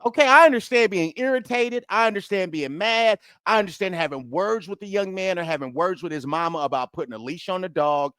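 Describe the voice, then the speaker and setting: A man's voice: sits high, dry recording, clean studio sound. A man reacting to bodycam footage with blunt, slangy casual commentary. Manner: animated, blunt, street slang. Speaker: reaction video host.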